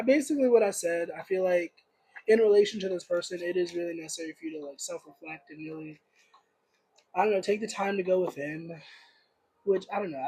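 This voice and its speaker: A man's voice: high-pitched, gravelly, warm tone, breathy edge, poor audio. A young man giving a casual livestream tarot reading, rambling and searching for words with lots of fillers. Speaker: tarot reader.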